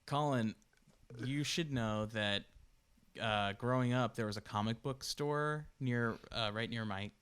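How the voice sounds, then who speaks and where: A man's voice: medium pitch, a little slow, a bit bright, smooth. A man co-hosting a movie podcast, rambling casually and restarting his sentences. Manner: rambling, many fillers and restarts. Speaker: podcast co-host. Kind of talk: casual chat.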